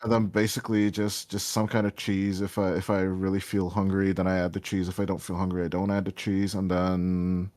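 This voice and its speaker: A man's voice: sits low, monotone, brisk, few pauses, a little mellow, no echo. A young man with an American-tinged accent picked up at American schools, chatting casually as a play-by-play caster, rambling and self-deprecating with many restarts. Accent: American-tinged English from American schools. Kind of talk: casual chat between casters.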